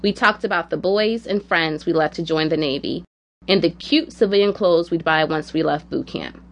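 A woman's voice: low-pitched, normal speed. Woman telling a personal story. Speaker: narrator.

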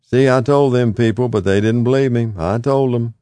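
A man's voice: mid-range voice, normal speed, mellow, clean tone, dry recording, voice pushed up, close to an everyday voice. A man reading aloud voices a frail, confused older man who repeats himself emphatically in folksy speech and turns fearful and pleading. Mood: emphatic.

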